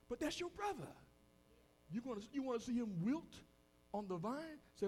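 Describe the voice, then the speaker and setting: Man, preacher, high voice, very animated pitch, hushed then loud, folksy sermon. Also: moderate pace, gravelly. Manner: preaching with sudden swings between hushed and loud; folksy, acts out quoted voices. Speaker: pastor. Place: church hall with a congregation.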